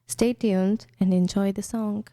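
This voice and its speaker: A woman's voice: medium pitch, fairly even intonation, unhurried. A young woman from India, hosting an internet radio show in casual, chatty storytelling talk with many restarts.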